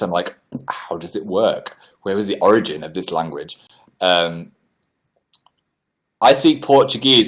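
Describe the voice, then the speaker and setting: A man hosting a casual livestream, chattily reading out viewer messages and answering them, his pitch often jumping up on exclamations. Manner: chatty, animated, reads messages aloud with upward-jumping pitch. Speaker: livestream host. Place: indoors at home.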